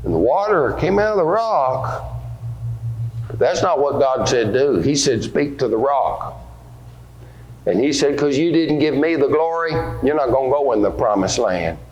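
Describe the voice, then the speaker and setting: A man's voice: mid-range voice, expressive, moderate pace, a little mellow, dull audio, soft background music. A man teaching a Bible lesson to children, asking them questions and acting out scripture scenes. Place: church hall. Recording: echoey room with faint ambience.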